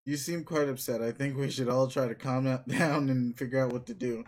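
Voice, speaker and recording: A friendly, courteous young girl from a video game, read by a man. She speaks calmly and politely, trying to soothe everyone around her. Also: medium pitch, normal speed, natural voice. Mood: calming. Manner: calm, courteous.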